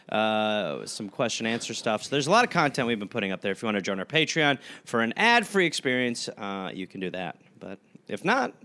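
Guy cohosting a comedy podcast, bright voice that jumps all over, teasing and cracking jokes. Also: medium pitch. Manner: jokey, teasing interjections. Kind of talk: casual comedic chat.

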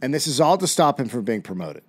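A man's voice: medium pitch, very animated, fast, darkish tone, no echo. A middle-aged man co-hosting a comedy podcast, retelling history in a casual, profane, wry way. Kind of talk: casual storytelling.

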